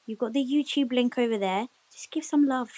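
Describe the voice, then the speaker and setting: Woman co-host, high voice, bubbly, upbeat. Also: a little fast, dark tone. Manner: bubbly, laughing, upbeat promoter. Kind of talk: hosting a live audio chat.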